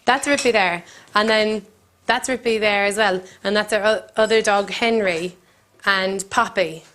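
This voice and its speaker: A woman comedian with a Cork accent hosting a comedy cooking show, telling rambling deadpan stories with giggles in between. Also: medium pitch, measured pace, slight background noise. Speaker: comedian host. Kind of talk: deadpan comic monologue. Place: country kitchen.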